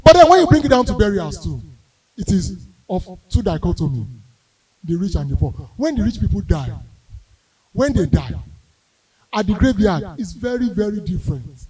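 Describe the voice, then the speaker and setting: Nigerian guy doing standup, yoruba accent, high voice, kinda far off the mic, acts out everyone. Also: moderate pace, long pauses. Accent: Nigerian English with Yoruba. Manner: animated, acts out characters, bursts into shouted wails. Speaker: stand-up comedian. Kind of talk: storytelling stand-up comedy.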